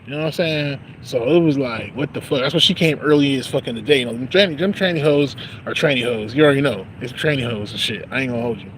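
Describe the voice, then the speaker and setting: A man's voice: mid-range voice, fast, few pauses, a little hiss or hum. A young man venting in a casual, profane, rambling rant about work, repeating bro and you know what I'm saying, outdoors by a street.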